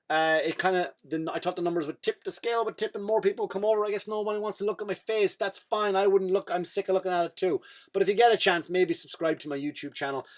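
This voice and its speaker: An Irish comedian riffs alone on his podcast, rambling and swearing freely. His voice sits a little high for a man, and he restarts his sentences often as he goes. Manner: profane, rambling, full of restarts.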